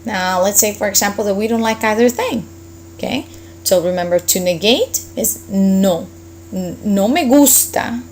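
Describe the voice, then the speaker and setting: A woman teaching a Spanish lesson, explaining grammar patiently step by step and slowing down for each example phrase. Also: medium pitch, a little mellow, a little hiss or hum, low-quality recording.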